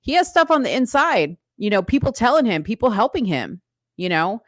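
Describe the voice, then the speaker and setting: A woman's voice: on the high side, sing-song, moderate pace, dry recording. A woman hosting a livestream, reading news stories aloud and chatting to her viewers with lots of fillers. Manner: chatty, many fillers, talks straight to viewers. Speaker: livestream host. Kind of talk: reading news aloud and commenting to live chat.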